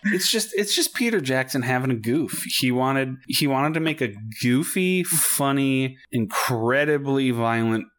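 A man co-hosting a casual film review chat, relaxed and analytical. His voice sits at an ordinary middle pitch for a man, and he lays out his points calmly and thoughtfully. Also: unhurried, few pauses. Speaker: podcast co-host.

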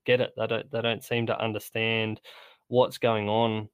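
Low-voiced man, hesitant casual talk. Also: flat delivery, clear, resonant tone, no room sound, lo-fi sound. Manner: hesitant, repeats words, measured. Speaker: golf podcast co-host. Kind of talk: casual sports chat.

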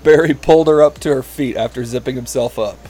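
A man's voice: mid-range voice, a little fast, dark tone, faint music behind. A man hosting a comedy podcast, reading a story aloud and often breaking into giggles.

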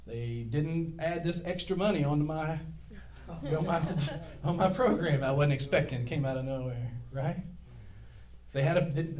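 A man's voice: mid-range voice, a little mellow. A middle-aged man preaching a sermon to his congregation, rambling off on tangents with self-deprecating humor. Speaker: pastor. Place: church with a congregation.

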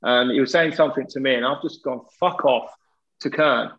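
A man's voice: mid-range voice, quick pace. A man, a former footballer, telling stories in a casual, laddish way and swearing freely. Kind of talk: casual storytelling. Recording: dull lo-fi audio.

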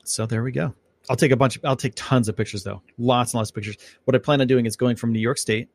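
Male podcast host, gravelly voice, casual rambling chat, lots of fillers. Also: medium pitch, fairly even intonation, quick pace, no echo. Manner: rambling, loose and chatty with many fillers.

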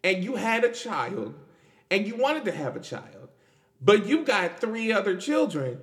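High, lively man laughing through commentary. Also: measured pace. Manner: animated, laughs often, repeats "girl" and "like". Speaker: podcast host. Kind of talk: casual commentary.

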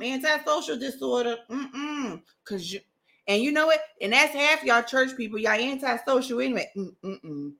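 A woman's voice: a little high, creaky, a bit bright. A woman hosting a podcast, giving sarcastic, mocking commentary on a book she reads from and often laughing at her own jokes. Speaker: podcast host.

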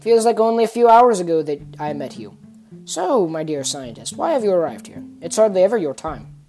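A woman plays a weary male ruler of hell who keeps his voice low and hushed. He sounds brooding and tired, with a lowish pitch. Faint guitar music sits underneath. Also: animated, a little fast. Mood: courteous.

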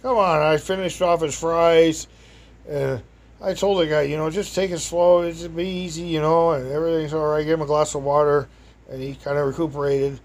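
Speaking at a moderate pace in a fairly high, level voice, a storyteller meanders through a chatty personal anecdote for an audience, punctuating it with exclamations and chuckles.

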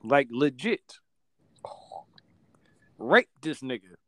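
A man's voice: medium pitch, very animated, extremely slow, a bit bright, no room sound. A man, hosting a podcast and casually telling a profane story full of acted-out voices. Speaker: podcast host.

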